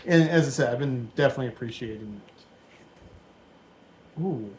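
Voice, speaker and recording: A man in his forties chats while he works through a toy build, thinking out loud in a loose, wandering way. His voice sits at an ordinary middle pitch, and he sounds unhurried and at ease. It feels like hobby commentary recorded in a dim room at home. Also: slight background noise, rough recording. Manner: rambling, thinking aloud, easygoing. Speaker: Lego building vlogger.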